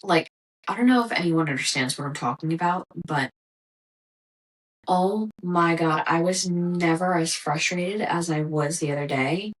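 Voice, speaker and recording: A woman's voice: on the low side, a little slow, low-quality recording. Profane, ranting woman podcast host. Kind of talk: casual ranting monologue.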